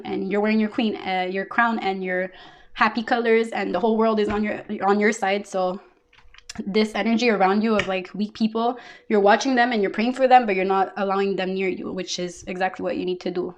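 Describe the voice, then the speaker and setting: A woman giving a casual tarot reading, talking bluntly with lots of fillers and swearing. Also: mid-range voice. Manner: blunt, profane, full of fillers. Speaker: tarot reader.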